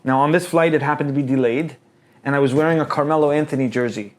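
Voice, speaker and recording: Male co-host, 30s, from Ontario; slightly high voice, animated storyteller, casual podcast chat. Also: quick pace. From Canada, Ontario (Markham). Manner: animated storyteller, acts out quoted dialogue.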